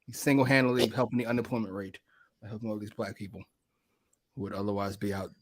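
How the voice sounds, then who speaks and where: A man's voice: lowish voice, fairly even intonation, fast. A man co-hosting a casual wrestling review podcast, ranting in an exasperated, profane way. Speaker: podcast co-host.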